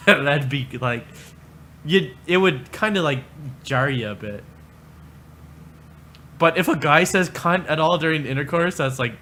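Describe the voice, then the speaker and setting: A man's voice: fairly high pitch, animated, unhurried, long pauses, pushed and bright, slight background noise. A man ranting crudely on a livestream, rambling and mocking, often laughing. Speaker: streamer.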